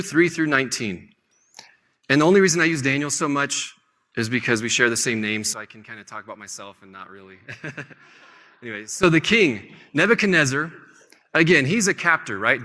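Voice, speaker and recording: Male Bible teacher, bright and forward tone, easygoing conversational delivery with dry humor, recorded with long hall reverb. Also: mid-range voice. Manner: relaxed, conversational, paraphrases scripture loosely with light humor. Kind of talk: casual Bible lesson.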